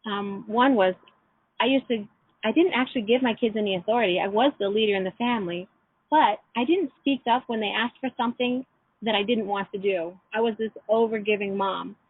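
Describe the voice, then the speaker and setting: A middle-aged woman leading an online class, telling personal stories in a gentle, reflective way. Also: medium pitch, brisk, husky, no room sound. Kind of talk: teleclass lesson with personal stories. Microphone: phone or computer call. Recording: tinny phone line.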